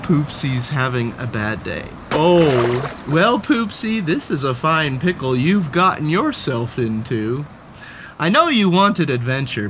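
A woman's voice: a bass voice, noisy background. A woman reading a children's picture book aloud, playful and theatrical, talking to the character with gasps and exclamations. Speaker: storybook reader. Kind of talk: children's read-aloud storytelling.

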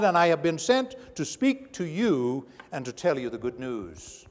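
A male pastor preaching a sermon with dramatic swings between hushed and raised delivery. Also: fairly high pitch, sing-song, measured pace. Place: church sanctuary. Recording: long church reverb.

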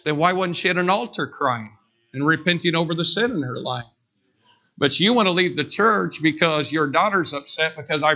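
Guy preaching a sermon, emphatic, tense sharp voice, leads the congregation in call-and-response. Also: a little high. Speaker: pastor. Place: church sanctuary.

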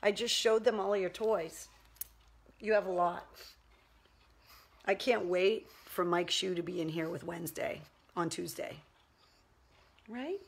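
A woman's voice: lowish voice, measured pace, vocal fry, pauses often, slightly rough. A woman hosting a casual livestream from home, talking loosely and rambling, with lots of fillers, about her puppy. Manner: chatty, rambling, baby talk to her dog. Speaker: live stream host.

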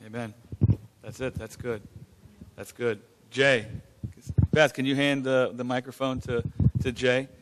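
A man's voice: medium pitch, little pitch movement, unhurried, long pauses, fairly bright tone, a little hiss or hum. A man leading an informal church question-and-answer session, speaking fervently and often repeating "man" and "Glory to God". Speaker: church leader hosting a Q&A.

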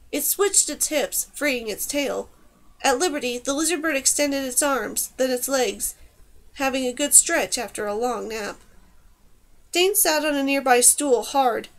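A woman narrating a fantasy audiobook with a high voice. She reads in a steady, even storytelling manner. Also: unhurried. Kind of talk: scripted narration.

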